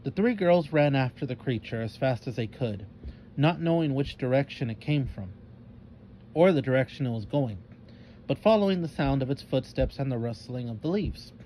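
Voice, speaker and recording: A man reading a children's story aloud in a calm, measured narrating voice. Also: medium pitch, slight background noise.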